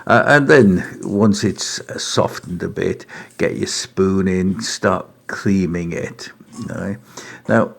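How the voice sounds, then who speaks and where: A middle-aged man giving a relaxed cooking demonstration in his home kitchen, unhurried and chatty, often saying uh and right. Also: low voice, creaky. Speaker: home cook presenting a recipe.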